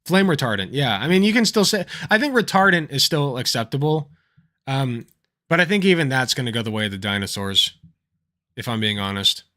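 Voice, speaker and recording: A man's voice: mid-range voice, sing-song, a little fast, sharp tone. A man hosting a livestream, chatting casually and telling anecdotes, swearing freely and laughing at his own stories. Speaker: livestream host.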